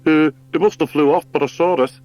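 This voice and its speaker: A man's voice: on the high side, fairly even intonation, a little fast, darkish tone, pitched above the performer's own voice, close to an everyday voice. A man voicing a dim, jittery male vermin sentry in an audiobook, with a whiny, insistent way of talking. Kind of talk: audiobook character voice.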